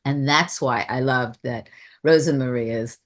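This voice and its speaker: A woman's voice: very deep voice, measured pace. A woman telling a personal spiritual story on a webinar, in a reflective, rambling way, often restarting her sentences. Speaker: webinar speaker. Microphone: video call.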